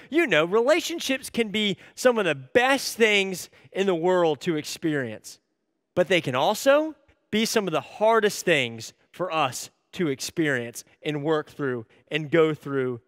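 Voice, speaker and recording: A man in his thirties giving a sermon as an animated, self-deprecating storyteller. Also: on the high side, measured pace, no room sound, studio quality, big-room sound. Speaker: church staff speaker.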